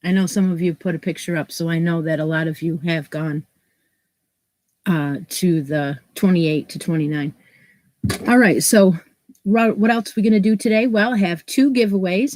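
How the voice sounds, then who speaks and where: A woman's voice: fairly low pitch, normal speed, darkish tone, no room sound. A woman hosting a crochet live stream, chatting casually and greeting viewers by name, her nose stuffed up from allergies. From New York State, US. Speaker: crochet channel host.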